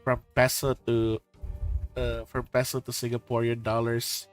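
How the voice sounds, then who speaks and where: A man from the Philippines chatting casually with his viewers about trip photos, excitable, swearing and laughing often. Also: mid-range voice, unhurried, soft background music. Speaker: streamer host.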